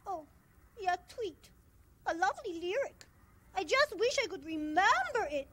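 A woman's voice: very high-pitched, sing-song, measured pace, fairly bright tone. A woman guest actress in a comic scene on a children's show, talking in a theatrical, dramatic and playfully self-important way.

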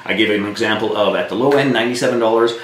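A man's voice: on the low side, very fast, fairly bright tone, slight background noise. A man from Saskatchewan, a business coach giving a blunt, emphatic live-streamed coaching talk, swearing when worked up. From Saskatchewan, Canada. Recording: roomy echo with faint ambience.

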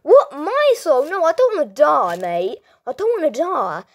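A woman's voice: huge pitch swings, moderate pace, full character voice. A woman doing a panicky man begging for his life. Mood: panicked. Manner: panicky, shrill and protesting.

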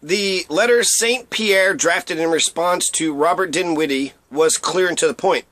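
A man's voice: sits high, measured pace, hardly any pauses, a bit bright, no room sound. A man giving a casual, irreverent spoken history lesson with blunt asides, sometimes stumbling over and repeating names. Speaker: history presenter.

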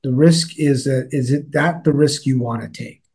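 A man's voice: mid-range voice, normal speed, darkish tone, breathy edge. A man in an interview, speaking as a newsletter editor in a rambling way, with many fillers and restarts. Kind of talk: casual interview talk.

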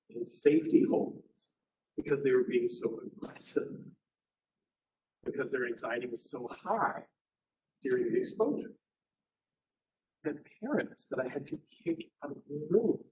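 A man, a university professor, telling stories in a casual classroom lecture, acting out the people in them in quick put-on voices. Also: a little high, a little hiss or hum, rough recording.

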